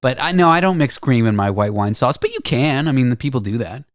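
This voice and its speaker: A man's voice: medium pitch, lively intonation, fairly quick, no echo, studio quality. A Canadian man hosting a radio show, chatting casually and explaining at length with small hesitations. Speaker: radio host.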